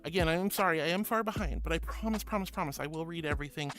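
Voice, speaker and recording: A male VTuber streamer reading out chat messages and thanking viewers in a gentle, affectionate way, calling them honey and sweetie. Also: on the high side, racing.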